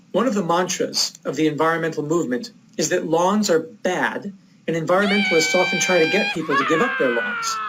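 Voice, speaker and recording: A male lecturer with a somewhat high voice, giving a reflective, measured lecture. He tells a personal story at a calm pace. Faint ambience hums under him. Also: a little hiss or hum, poor audio. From United States.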